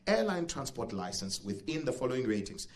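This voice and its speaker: A man's voice: mid-range voice, big pitch swings, a little fast. A man hosting a live event as master of ceremonies, playful and chatty with the audience. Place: event venue stage.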